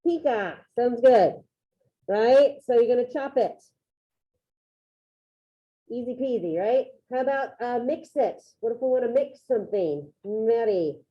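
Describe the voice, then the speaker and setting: A woman's voice: fairly high pitch, expressive, unhurried. A woman teaching a Spanish class over a video call, upbeat and encouraging as she calls on students by name. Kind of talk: online classroom lesson. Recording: tinny phone-like video call audio.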